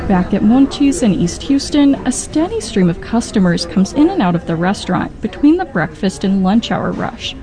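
A woman reporter narrating a radio news story in a lively way. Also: mid-range voice. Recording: report with music in the background.

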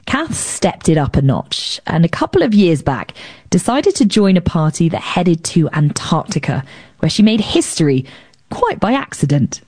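A woman's voice: on the low side, big pitch swings, moderate pace, a little mellow, husky. A woman interviewing a guest, with playful, teasing asides. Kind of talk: casual interview.

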